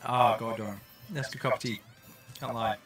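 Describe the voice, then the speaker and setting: A young man from Scotland with a softened Scottish accent, chatting casually and rambling with lots of fillers while streaming a game. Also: medium pitch, steady tone, normal speed, faint music behind. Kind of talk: casual livestream chat while playing.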